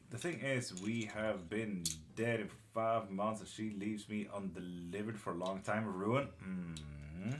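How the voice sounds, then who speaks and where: Low-voiced man reading tarot live. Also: unhurried, few pauses, slight background noise. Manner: casual, reads chat aloud, mutters curses under his breath. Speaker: tarot reader and witchcraft teacher. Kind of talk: live-stream tarot reading, answering chat.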